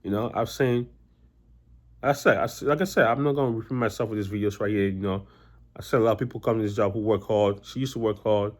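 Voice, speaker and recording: A man's voice: lowish voice, fairly even intonation, quick pace. A young man vlogging casually about his own experiences, rambling with lots of restarts and fillers. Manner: rambling, many restarts and "you know" fillers. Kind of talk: casual personal storytelling to camera.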